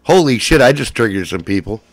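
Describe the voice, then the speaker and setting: A man's voice: mid-range voice, animated, a little fast, dry recording. A man chatting casually as a show host, laid-back and swearing, smoking and coughing between remarks. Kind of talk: casual chat.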